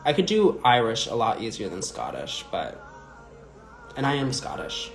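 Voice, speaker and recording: Young male drag performer, loose chatty livestream delivery, filler-heavy, mid-pitched, roomy echo. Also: wildly swooping pitch, moderate pace, gravelly. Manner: rambling, chatty, many "like" and "um" fillers. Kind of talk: casual livestream chat answering viewer comments. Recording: echoey room with faint music.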